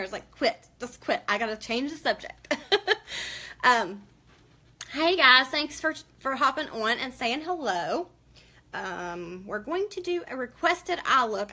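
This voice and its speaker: A woman's voice: fairly high pitch, sharp tone. A woman hosting a casual live-stream makeup tutorial, chatty and emotional as she greets viewers by name.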